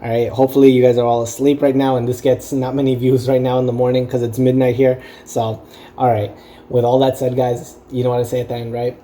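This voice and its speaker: A man's voice: medium pitch, little pitch movement, fairly quick, warm tone, slight background noise. A young man, a stock-investing vlogger, lecturing his viewers earnestly in a casual rambling monologue and repeating phrases for emphasis.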